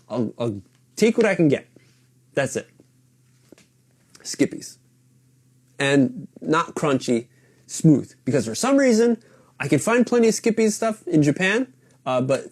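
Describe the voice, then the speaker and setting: A man's voice: high voice, very animated, moderate pace, pauses often, a little mellow. A man hosting a weekly hobby podcast, chatting loosely and rambling, swearing casually as he talks. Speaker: podcast host. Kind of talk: casual live-stream chat. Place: home in Japan.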